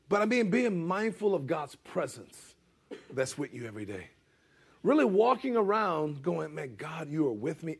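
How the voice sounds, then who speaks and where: A man's voice: high voice, vocal fry, breathy edge. A middle-aged man preaching a conversational sermon as pastor, often asking the congregation "amen?" and dropping casual asides.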